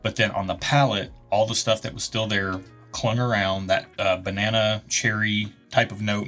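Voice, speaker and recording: A man's voice: fairly low pitch, little pitch movement, moderate pace, hardly any pauses, fairly bright tone, faint music behind. A man co-hosting a whiskey tasting show in easygoing, talkative casual chat. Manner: easygoing, talkative, self-deprecating. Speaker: whiskey review co-host.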